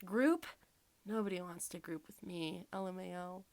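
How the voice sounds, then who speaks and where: A woman's voice: fairly low pitch, normal speed, a little mellow. A woman hosting a casual podcast, reading quiz questions aloud with sarcastic, swear-filled asides and frequent laughter. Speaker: podcast host.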